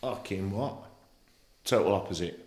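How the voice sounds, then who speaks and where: Man from England, middle-aged, low voice, blunt, emotional, swearing, roomy echo. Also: a little slow, darkish tone. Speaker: podcast guest, former footballer. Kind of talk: candid personal storytelling. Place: podcast studio.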